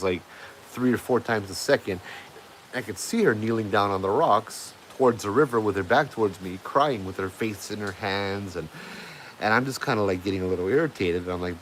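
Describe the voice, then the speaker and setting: A lowish-voiced man from Hawaii hosts a livestream, rambling through a ghost story for his chat with plenty of fillers and restarts. The recording is rough, carrying a little hiss or hum.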